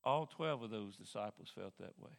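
A male pastor preaching a sermon in an animated way, often repeating words as he thinks. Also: fairly low pitch, normal speed, gravelly. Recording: long hall reverb.

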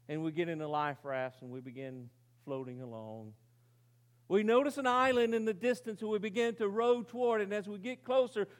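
Man preaching with dramatic hushes. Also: sits high. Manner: dramatic storytelling, rises loud then drops very quiet; asks the audience rhetorical questions. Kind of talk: sermon illustration.

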